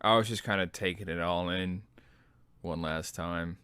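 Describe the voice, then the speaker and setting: A man in his thirties, an army veteran, telling his own story as a podcast host in a relaxed, self-deprecating way. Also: low-pitched, a little slow, smooth, no room sound. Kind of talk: personal memoir storytelling.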